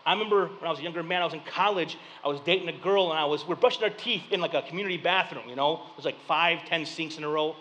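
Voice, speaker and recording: A man in his thirties preaching a sermon, telling personal stories with lively swings between loud punchlines and hushed reflection. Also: fairly high pitch, fast talker, few pauses, in a large hall, slight background noise, poor audio. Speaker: pastor.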